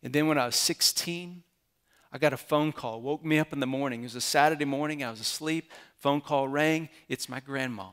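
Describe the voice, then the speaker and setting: A man's voice: mid-range voice, a little fast, fairly bright tone, clean tone. A man, a pastor giving a sermon in an earnest storytelling way that builds to emphatic climaxes.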